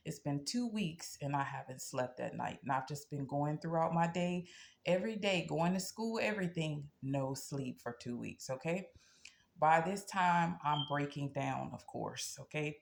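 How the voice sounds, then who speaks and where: Woman host, low and gravelly, blunt casual delivery to camera, checks in with "okay?" constantly. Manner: tags nearly every sentence with "okay?"; earnest and blunt, telling a personal story. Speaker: spiritual practitioner and channel host.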